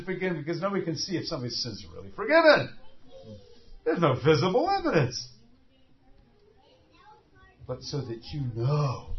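A man's voice: fairly high pitch, huge pitch swings, moderate pace, long pauses. A man preaching a sermon, telling the story vividly and acting out the scenes as he goes. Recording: dull lo-fi recording.

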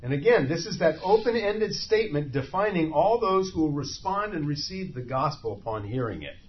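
A man's voice: on the high side, lively intonation, fairly quick. A man preaching a sermon, passionate and emphatic, asking his listeners questions as he teaches. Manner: impassioned, rises to loud emphatic cries; asks the listeners rhetorical questions. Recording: slightly dull lo-fi sound with faint noise.

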